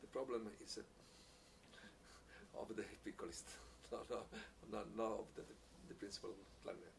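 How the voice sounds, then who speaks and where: A man teaching a piccolo masterclass, speaking haltingly, repeating words and using non-native phrasing, with frequent small laughs. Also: lowish voice, gravelly. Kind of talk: masterclass teaching, answering questions. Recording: distant mic with faint background hiss.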